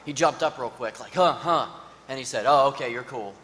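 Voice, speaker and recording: A man's voice: mid-range voice, fast, a bit bright. A man on a conference panel telling a casual, rambling story full of "you know" and "like". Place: large conference hall. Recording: hall reverb with faint noise.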